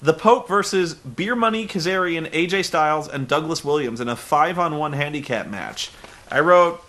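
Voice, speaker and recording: Sarcastic male reviewer, bright forceful tone, a bit high. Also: lively intonation, moderate pace. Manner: sarcastic, exasperated. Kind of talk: comedic recap.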